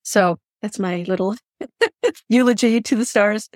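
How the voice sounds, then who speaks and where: A woman's voice: mid-range voice, normal speed, darkish tone, no echo, clean studio sound. A woman hosting an interview podcast, chatting in an earnest, effusive way and thinking aloud as she goes. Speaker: podcast host. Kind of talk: reflective interview chat.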